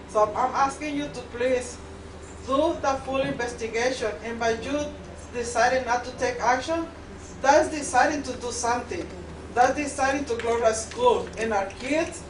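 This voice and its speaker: A middle-aged woman pleads with a board, impassioned and indignant. Her voice sits a little high. She is heard far off in a roomy hall over steady background noise. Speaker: parent giving public comment. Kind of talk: emotional public testimony. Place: public board meeting room. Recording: echoey meeting room from far off, noisy.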